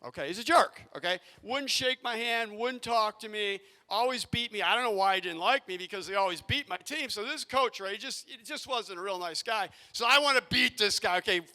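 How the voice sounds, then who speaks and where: A man who coaches youth sports, telling a coaching story to a community audience and acting out his own yelling from the sidelines. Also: sits high, fairly quick, hardly any pauses. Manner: animated, acts out yelling in his stories. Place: arena event space.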